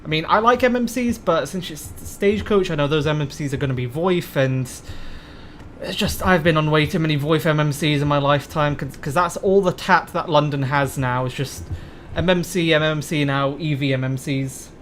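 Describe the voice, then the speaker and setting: Chatty higher-voiced male streamer. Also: normal speed, slight background noise. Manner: chatty, rambling, answers chat questions. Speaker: game streamer. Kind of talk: casual live-stream commentary.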